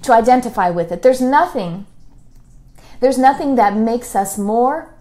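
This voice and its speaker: An earnest woman leads a spiritual class, talking about love and self-worth in a repetitive, heartfelt way. Her voice sits a little high for a woman. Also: unhurried. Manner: earnest, repetitive, soft-spoken during the guided practice. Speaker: spiritual teacher. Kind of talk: spiritual lesson leading a guided affirmation.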